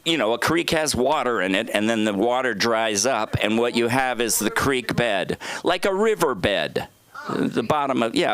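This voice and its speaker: A man's voice: mid-range voice, fairly bright tone. A man doing open mic stand-up, telling rambling stories with lots of asides and restarts. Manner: rambling, self-interrupting storytelling with asides. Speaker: stand-up comedian. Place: comedy club stage.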